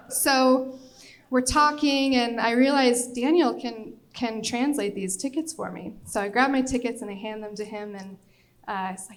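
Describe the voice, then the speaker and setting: Young female storyteller, animated delivery, voices the other people in her tale, a bit high-pitched. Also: normal speed. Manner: lively, animated, acts out quoted voices. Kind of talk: live storytelling on stage.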